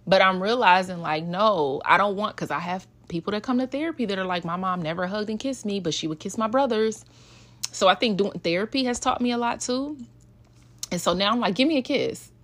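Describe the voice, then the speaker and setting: A mother speaks casually and emotionally to an audience about raising her kids, chatty and slipping into different voices when quoting people. Her voice is mid-range and a bit bright, and she talks a little fast.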